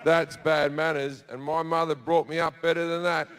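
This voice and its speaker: Brash man for stand-up, fairly high voice, crude deadpan storytelling, faint room hum. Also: moderate pace. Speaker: stand-up comedian. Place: theatre stage before a laughing audience.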